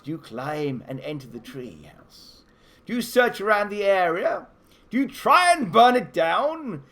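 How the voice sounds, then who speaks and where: A man narrates a live tabletop adventure for children, his voice slightly high for a man. His delivery swoops up and down as he paints each scene and lays out the players' options. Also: measured pace. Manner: animated storytelling, offering choices. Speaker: game master.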